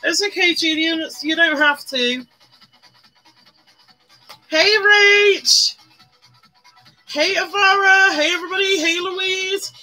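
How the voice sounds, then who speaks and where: A woman's voice: very high voice, takes it slowly, pauses often, bright, forceful tone, soft background music, rough recording. A woman chatting casually on a makeup live stream, greeting viewers by name and bursting into little sung bits. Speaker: livestreamer doing makeup.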